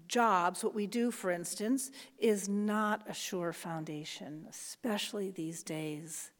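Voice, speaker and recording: A woman pastor preaching a sermon in a church, earnest, dropping to soft whispers and rising for emphasis. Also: mid-range voice. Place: church sanctuary. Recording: long reverb of a large church hall.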